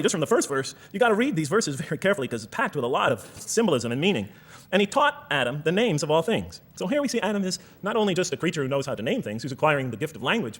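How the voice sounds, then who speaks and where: A man's voice: a little high, fairly bright tone, husky. A man giving a lecture to a live audience, reading verses aloud and posing rhetorical questions.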